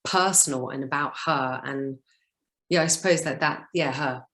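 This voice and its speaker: Female coaching client, deep voice, halting casual talk, roomy sound. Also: a bit bright. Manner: hesitant, with many fillers. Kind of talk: casual chat.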